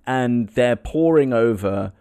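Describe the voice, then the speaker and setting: A man's voice: medium pitch, animated, slow, mellow, smooth. A man co-hosting a comedy podcast, improvising a silly story with a rambling, giggly delivery. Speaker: podcast co-host.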